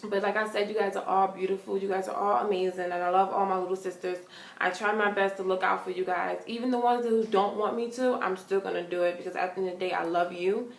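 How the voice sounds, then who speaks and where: A young woman vlogging casual advice to her viewers, earnest and big-sisterly, getting animated when she tells stories. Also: mid-range voice, quick pace, gravelly. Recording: echoey room.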